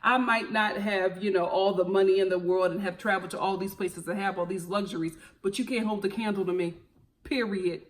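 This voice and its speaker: A woman's voice: medium pitch, brisk. Sassy woman with a Philadelphia accent. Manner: sassy and animated, drops slang like honey and girl. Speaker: TV recap vlogger. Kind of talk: casual opinionated TV recap.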